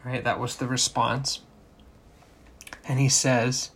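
Pastor guy going through scripture real slow, checks in with the crowd, right?. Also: mid-range voice, steady tone, gravelly, a bit bright, husky. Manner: slow, explanatory, asks rhetorical questions. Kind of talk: sermon.

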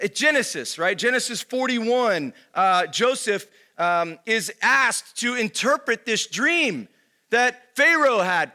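A man's voice: sits high, pushed and bright. A young adult man giving a casual sermon, talking conversationally, full of fillers and constantly checking in with "right?". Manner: conversational, keeps asking "right?", lots of fillers. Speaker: pastor.

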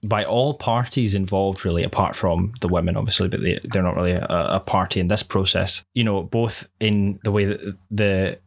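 A man co-hosting a casual podcast, talking in a rambling, hesitant way with many fillers. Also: on the low side. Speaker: podcast co-host. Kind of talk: casual chat.

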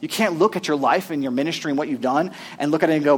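A male pastor preaching a sermon in a conversational, animated way, reading scripture aloud to his congregation. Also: on the high side, fast, hardly any pauses, slight background noise.

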